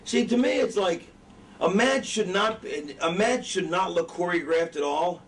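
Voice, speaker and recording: A high-sitting male voice at a measured pace belongs to a middle-aged wrestling trainer. He teaches in an offhand, crude, wandering style and keeps losing his thread, captured from a distance with faint noise behind him.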